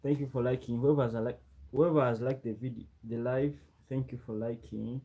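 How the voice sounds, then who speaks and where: A man's voice: mid-range voice, steady tone, normal speed, mellow. A man from Uganda, hosting a casual livestream on his own microphone, greeting viewers by name and often repeating his words. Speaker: livestream host. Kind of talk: casual live chat with viewers. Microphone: own microphone, close.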